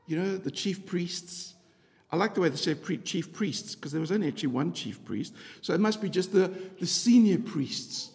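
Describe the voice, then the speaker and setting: A middle-aged man preaching a conversational sermon, telling the story with rhetorical questions and a chatty, animated manner. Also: high voice, moderate pace, creaky. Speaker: pastor. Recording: long hall reverb.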